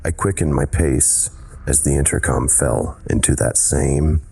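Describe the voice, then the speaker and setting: A man narrating a scripted horror story in a measured, dramatic way. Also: extremely low pitch, fairly even intonation, a little mellow, husky.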